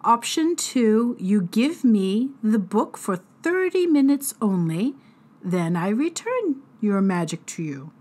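Woman playing a smug boy mastermind, cold, precise, condescending, slow. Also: mid-range voice, big pitch swings, warm tone.

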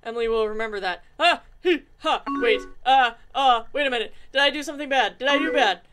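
A woman's voice: sits high, brisk, music in the background. A woman commenting on a dating game she is playing, bubbly and giggly, often flustered and stammering. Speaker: gaming channel host. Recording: loud keyboard typing and clicks.

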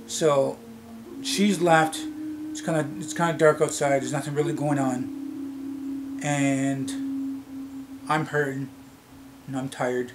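A man from Canada, telling a childhood story in a vlog, in a halting, rambling way with many fillers and restarts. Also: medium pitch, fairly even intonation, heavy background noise. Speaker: vlogger. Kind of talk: casual storytelling. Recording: loud music behind the voice.

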